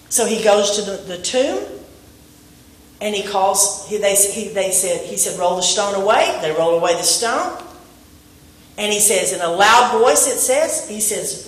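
A woman preaching a sermon in church, telling a story and rising to shouts on key points. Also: medium pitch, animated, normal speed. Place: church sanctuary. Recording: echoey room from far off.

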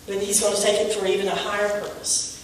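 A woman preaching a sermon in church, telling a story and rising to shouts on key points. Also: medium pitch, flat delivery, fast talker, slight background noise. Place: church sanctuary. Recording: echoey room from far off.

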